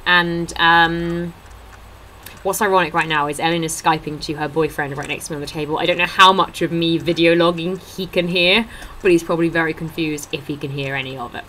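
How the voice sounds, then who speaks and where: A woman's voice: low voice, steady tone, brisk, pushed and bright, slight background noise, low-quality recording. A young woman chatting into her laptop webcam at home, telling funny stories and acting out what others said. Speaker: vlogger. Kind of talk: casual chat. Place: indoors at a table at home.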